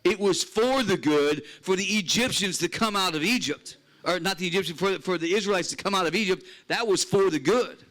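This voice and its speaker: A man preaching with earnest emphasis in a slightly higher-than-usual voice. He reads scripture aloud and circles back to key phrases, speaking to a retreat crowd in a chapel. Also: brisk, few pauses, fairly bright tone. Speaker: pastor. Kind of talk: sermon.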